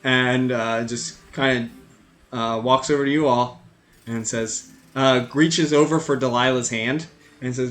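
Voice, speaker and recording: A man narrating as game master of a tabletop role-playing game, relaxed and halting with many fillers. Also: medium pitch.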